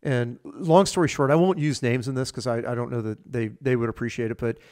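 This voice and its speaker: A man's voice: mid-range voice, fairly even intonation, brisk, darkish tone. A man in his fifties, a podcast guest, telling his career story in a rambling, casual way with many fillers and restarts.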